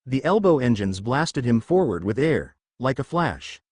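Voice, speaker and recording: A man's voice: mid-range voice, very animated, a little slow, no room sound, studio quality. A man narrating a fan fiction story and reading every character's lines himself.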